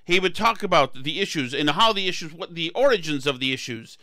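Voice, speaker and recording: A man's voice: high-pitched, animated, brisk, sharp tone, no room sound. A man hosting a political podcast, talking emphatically and sarcastically, often restarting his phrases. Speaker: podcast host. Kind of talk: political commentary chat.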